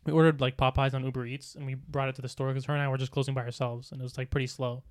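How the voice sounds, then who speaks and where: A man's voice: mid-range voice, little pitch movement, racing, no echo, clean studio sound. A young man co-hosting a casual podcast chat, telling a rambling story full of fillers. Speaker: podcast co-host.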